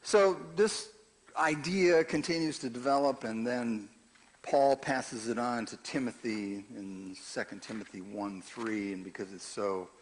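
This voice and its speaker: An older man preaching a sermon in a conversational way, dropping to quiet asides and rising to loud, emphatic scripture reading. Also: medium pitch, measured pace, a little hiss or hum. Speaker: pastor.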